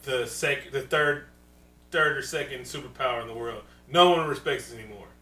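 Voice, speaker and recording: A man's voice: medium pitch, moderate pace, bright, forceful tone, slight background noise, close to an everyday voice. A man voicing a resentful, power-hungry male Russian villain in a casual, sulky way, recorded in a roomy space from a distant mic.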